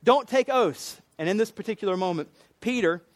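A man's voice: high-pitched, animated, brisk. A man with a Southern US accent preaching a sermon in a conversational way, acting out quotes in different voices.

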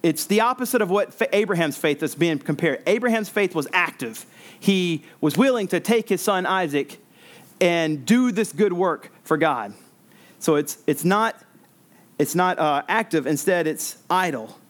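A man's voice: high voice, animated, moderate pace. A man preaching an expository sermon, earnest, repeating words and restarting as he explains.

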